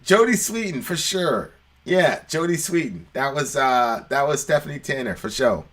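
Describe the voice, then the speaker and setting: A young man answers viewer questions in loose, casual talk, full of fillers and false starts. He tells stories with plenty of restarts and briefly acts out the people in them. His voice sits at an ordinary male pitch. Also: lively intonation, normal speed. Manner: rambling, many restarts and fillers; acts out quoted voices in the story. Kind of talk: casual chat, storytelling.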